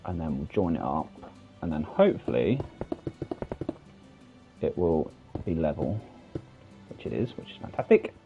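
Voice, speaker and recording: A man's voice: rumbling low, big pitch swings, unhurried, pauses often, dull audio, music in the background. A British man streaming a building game, chatting casually with a self-deprecating, rambling manner and lots of fillers, recorded on a desk microphone. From United Kingdom. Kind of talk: casual gameplay commentary.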